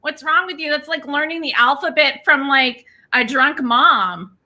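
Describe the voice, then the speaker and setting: A woman puts on a brash, foul-mouthed princess who trash-talks her rival in an improv comedy battle. The voice sits high and very bright. She taunts at an unhurried pace. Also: heavily acted. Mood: taunting. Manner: trash-talking, swearing, taunting. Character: brash trash-talking young princess, cocky and crude.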